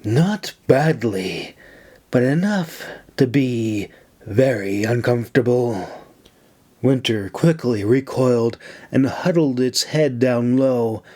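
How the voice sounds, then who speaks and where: Male audiobook narrator, mid pitch, slow and measured, steady read. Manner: measured, unhurried reading.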